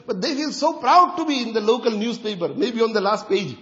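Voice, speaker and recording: A man preaching a sermon with storytelling, impassioned and rising to loud, urgent questions. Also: very high voice, animated, brisk, hardly any pauses. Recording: dull lo-fi recording with long hall reverb.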